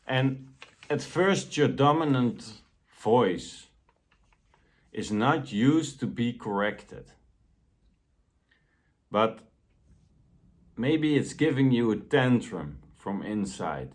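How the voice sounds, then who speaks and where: A man giving a motivational self-help talk in a gentle, deliberate way. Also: medium pitch, animated.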